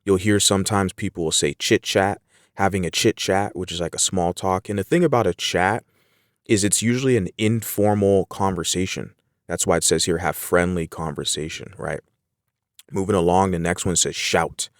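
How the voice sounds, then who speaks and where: Male English teacher, very low smooth voice, dry close recording, relaxed explainer. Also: moderate pace, no room sound. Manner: relaxed, explains with everyday examples, frequent fillers. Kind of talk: casual spoken lesson.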